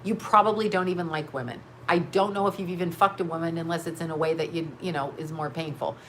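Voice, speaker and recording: A woman's voice: fairly low pitch, fairly even intonation, fast, fairly bright tone, slight background noise. A woman hosting a casual commentary show, rambling frankly with lots of swearing and frequent bursts of laughter. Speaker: host.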